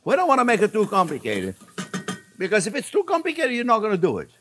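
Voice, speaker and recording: Man, French accent, older, cooking show host, lively pitch, a bit high, chatty and jokey. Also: quick pace, a little hiss or hum. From France. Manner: chatty, repeatedly calls viewers friends, laughs at himself. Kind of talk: casual cooking demonstration.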